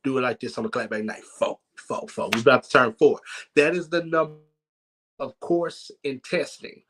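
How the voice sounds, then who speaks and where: A man hosting a church comedy night, telling a story in a lively, laughing way. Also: medium pitch, moderate pace, slight background noise. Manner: animated, laughs while telling. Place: church sanctuary.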